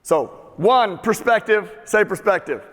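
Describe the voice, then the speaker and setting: Speaking a little slowly in a fairly high voice, a motivational speaker gives an energetic live talk in a big hall, swearing freely as long reverb trails each phrase. He gets the crowd to repeat key words back to him.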